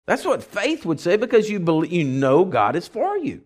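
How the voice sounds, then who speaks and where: A man preaching a conversational sermon, folksy and animated, telling stories and acting out voices. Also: high-pitched, normal speed, hardly any pauses. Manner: animated storytelling, acts out voices.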